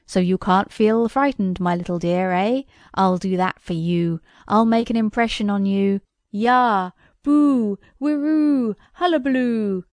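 A woman voicing a loud, pompous male sorcerer who bullies children, with a blustering, shouting manner. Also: mid-range voice, moderate pace, gravelly, hardly any pauses, dry recording, natural voice. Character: greedy bullying male sorcerer, pompous and noisy.

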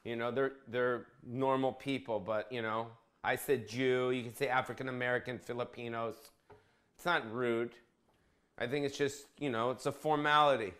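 A man's voice: mid-range voice, a bit bright. A man hosting a casual comedic cooking vlog, bossy and profane, teasing his cameraman. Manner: crude, bossy, joking, profane.

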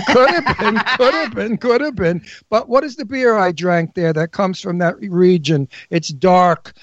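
A man's voice: high voice, measured pace, no echo, dull audio. A man co-hosting a radio show, talking in a flamboyant, bawdy, giggly way on a studio mic. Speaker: radio co-host. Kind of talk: casual radio chat.

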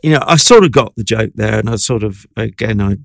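A man's voice: lowish voice, a little fast, gravelly, dry recording. A man co-hosting a review podcast, wry and rambling with playful asides. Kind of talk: casual review chat.

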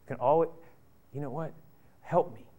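Contrite older son, soft and halting, put on by a male preacher. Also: a little high, narrow, tinny audio, natural voice. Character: contrite older son confessing to his father.

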